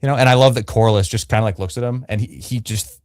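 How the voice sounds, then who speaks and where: A man's voice: medium pitch, fast talker, darkish tone, dry recording, studio quality. A man co-hosting a casual livestream review, talking in a joking, emphatic, playful way. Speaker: podcast co-host. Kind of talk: casual fan review chat. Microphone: livestream microphone.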